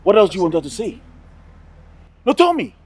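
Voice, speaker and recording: An actor with a Nigerian accent playing an arrogant, hot-tempered young prince who taunts and threatens. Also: male voice, sits high, big pitch swings, unhurried, husky, heavily acted. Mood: taunting. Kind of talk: film drama acting.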